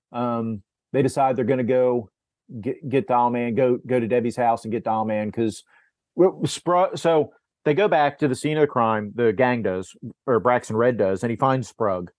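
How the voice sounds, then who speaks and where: A man hosting a casual movie podcast, retelling scenes in a rambling way with many restarts and quick put-on quotes of the characters. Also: medium pitch, a little mellow, no echo, clean studio sound. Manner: rambling recap, acts out character lines, frequent restarts. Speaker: podcast host.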